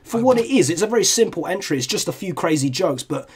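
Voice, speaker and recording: Young male video reviewer, candid and casual, a touch high in pitch, swears freely. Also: expressive, fast talker, a little hiss or hum. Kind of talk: reaction commentary.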